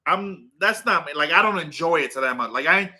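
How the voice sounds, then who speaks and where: Man, middle-aged, casual vlog chat, very bright forceful voice, rambling, self-correcting. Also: a little high, expressive, normal speed, breathy edge. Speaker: vlogger.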